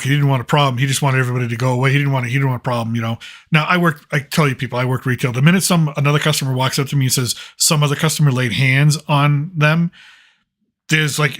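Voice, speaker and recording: A middle-aged man tells a story to his viewers at a mid pitch. He talks in a loose, heated way and keeps stopping and starting over as he pushes through the tale. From United States. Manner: animated, agitated retelling with frequent restarts. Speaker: channel host. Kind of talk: casual storytelling monologue.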